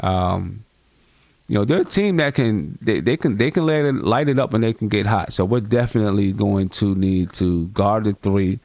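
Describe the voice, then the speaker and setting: A man with a fairly low voice hosts a live postgame fan stream, talking straight to his viewers in an easy, chatty way. He is picked up close on a dry computer mic with no room sound. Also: moderate pace, darkish tone, no room sound. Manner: chatty, addresses viewers directly. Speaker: fan livestream host. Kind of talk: live postgame basketball talk.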